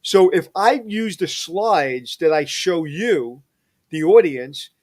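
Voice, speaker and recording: A middle-aged man, a hospitality executive, telling personal stories in an energetic, animated interview. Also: on the high side, slow. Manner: energetic, animated storyteller who digresses. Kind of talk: casual storytelling interview.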